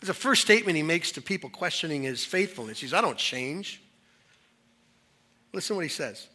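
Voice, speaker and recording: A man's voice: fairly high pitch, lively intonation, rapid-fire, bright, forceful tone. A man pastor preaching a conversational, emphatic sermon to a church service.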